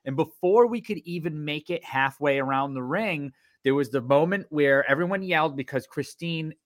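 A man tells a story in relaxed podcast talk with a higher-pitched voice. He is animated and acts out the lines of the people in his story. His manner is loose and conversational. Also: normal speed. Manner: animated, acts out what others said. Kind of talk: casual storytelling.

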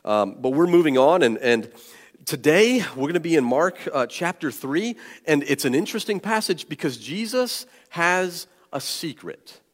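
A male pastor preaching a sermon to his congregation, animated and joking, with plenty of fillers and restarts. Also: fairly high pitch, moderate pace. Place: church sanctuary. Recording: long church hall reverb.

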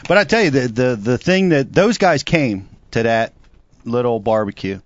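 A man co-hosting a talk show, telling long rambling stories in a casual, animated way. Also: medium pitch, moderate pace, no room sound, highs cut off. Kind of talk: casual chat.

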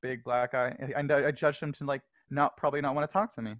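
A man from Los Angeles, a podcast guest, telling personal stories in an animated, laughing way. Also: medium pitch, fast talker, dry recording, studio quality. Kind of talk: casual storytelling.

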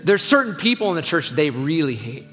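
A man retelling a frightened, troubled young woman's words in a lower, quieter voice. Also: very animated, a little fast. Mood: fearful hushed. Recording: long hall reverb, faint music.

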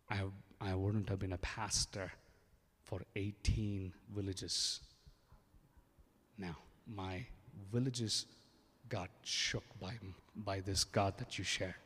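A man's voice: fairly low pitch, breathy edge. A man preaching a sermon with testimony, emphatic and acting out quoted dialogue. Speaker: pastor. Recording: echoey hall with long reverb.

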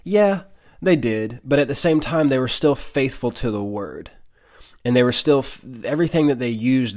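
A man's voice: mid-range voice, darkish tone. A man hosting a podcast, explaining Bible passages in an earnest way and reading verses aloud with rising emphasis. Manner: earnest, repeats words at starts, reads verses with rising emphasis. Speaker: podcast host teaching scripture. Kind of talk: casual Bible teaching with scripture reading.

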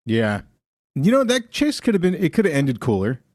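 A man riffing in loose, profane podcast banter, his pitch swinging widely as he jumps into mocking impressions of other people. The sound is close and dry, with no room around it. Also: wildly swooping pitch, moderate pace, a little mellow, dry recording. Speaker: comedy podcast panelist. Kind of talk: casual comedic banter.

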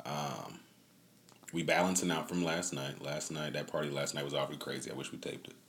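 A man with a very low voice hosts his own podcast from home, talking into a phone on a stand. He rambles casually, swears a lot and vents. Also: level tone, brisk, vocal fry, fairly bright tone, a little hiss or hum. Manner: profane, rambling, venting with laughs. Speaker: podcast host. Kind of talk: casual streamed podcast talk.

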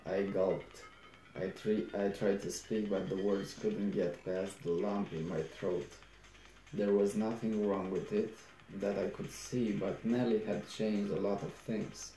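Slow, halting man reading a novel. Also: fairly low pitch, fairly even intonation, mellow, faint music behind. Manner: halting, frequent restarts and repeated words. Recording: roomy echo.

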